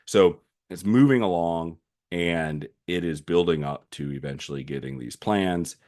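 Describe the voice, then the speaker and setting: A man's voice: deep voice, measured pace, a little mellow. A man hosting a solo commentary podcast, recapping a series animatedly with frequent fillers and restarts. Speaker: podcast host.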